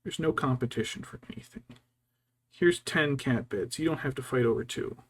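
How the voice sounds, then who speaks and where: A man, a VTuber, chatting casually and telling stories while painting miniatures, slipping into quiet whispers and quick mock voices. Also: medium pitch, slight background noise. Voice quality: gravelly and husky. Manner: storytelling, doing brief mock voices for his wife and cats; often drops to a quiet whisper.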